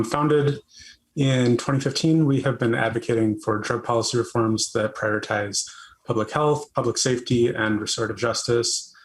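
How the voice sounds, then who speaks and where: Brisk man reading prepared testimony. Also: medium pitch, a little hiss or hum, poor audio. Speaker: advocacy group representative.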